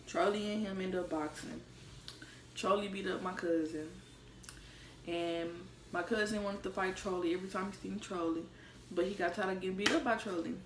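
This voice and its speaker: A woman's voice: mid-range voice, fairly even intonation, normal speed, a little hiss or hum. A young woman vlogging, telling a personal story in a candid, profane, conversational way. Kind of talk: casual storytime vlog. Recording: roomy, mic set far off.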